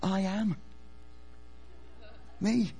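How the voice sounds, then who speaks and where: A man's voice: sits high, fairly even intonation, very slow, vocal fry, mellow, breathy edge, heavily acted. A man putting on the voice of an earnest young woman who insists on her story. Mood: insistent.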